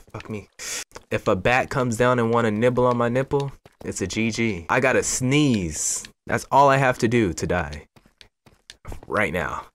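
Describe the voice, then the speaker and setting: A young man giving casual, joking gameplay commentary to his viewers. He swears freely and bursts into excited yelps. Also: mid-range voice, unhurried, a little hiss or hum. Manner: chatty, talks straight to viewers. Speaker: gaming YouTuber.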